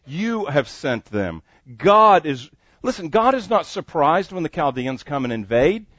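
A man's voice: fairly high pitch, big pitch swings, measured pace, a bit bright, dry recording, highs cut off. A man preaching a sermon, reading scripture aloud and pressing each point with earnest emphasis. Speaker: pastor.

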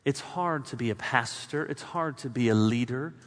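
A man preaching a sermon as a pastor, building through spoken lists and then dropping quiet for emphasis. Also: medium pitch, normal speed. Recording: long hall reverb.

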